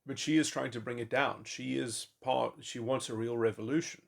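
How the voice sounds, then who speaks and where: A man thinking aloud in a long speculative monologue, halting often and restarting his sentences. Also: mid-range voice, fairly even intonation, vocal fry. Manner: musing, halting, with many restarts and fillers. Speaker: podcast host. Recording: voice memo.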